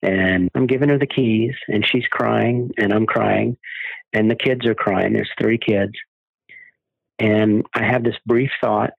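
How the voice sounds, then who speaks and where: Man, earnest storyteller, low voice, dry phone-like sound, interview guest. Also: steady tone, unhurried, creaky, dry recording. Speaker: guest, charity founder giving cars away. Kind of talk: interview conversation.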